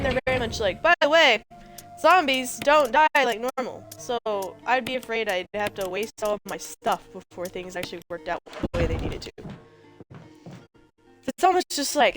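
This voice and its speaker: A woman's voice: on the high side, lively intonation, a little fast, music in the background, low-quality recording. A woman giving let's play commentary as a gaming host, chatty and jokey and rambling as she plays.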